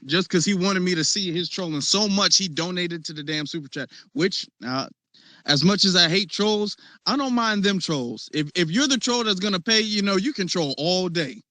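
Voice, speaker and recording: A man hosting a casual online discussion, animated and mocking as he acts out the people he criticizes. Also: high voice, normal speed, dry recording. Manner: animated, mocking quoted voices.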